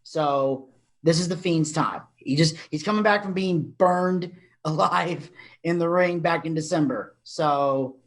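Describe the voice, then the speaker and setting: A man's voice: fairly high pitch, measured pace, a bit bright. A man co-hosting a casual podcast, chatty and explaining his picks at length. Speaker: co-host.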